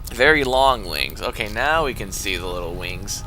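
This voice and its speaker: Bright-voiced excitable male game caster. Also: on the low side, normal speed, slight background noise. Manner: excitable, easily worked up, chatty play-by-play. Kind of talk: casting his own strategy game match.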